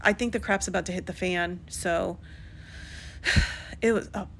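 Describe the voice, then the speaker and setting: A woman's voice: lowish voice, steady tone, a little fast, vocal fry, fairly bright tone, slight background noise. A woman casually recapping a soap opera episode in a chatty, snarky way, with lots of ums and "she's like" quotes.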